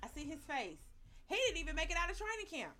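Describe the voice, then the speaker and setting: A woman's voice: high voice, sing-song, fast, sharp tone, a little hiss or hum. A woman in casual sports chat, blunt and profane, arguing her points with lots of feeling.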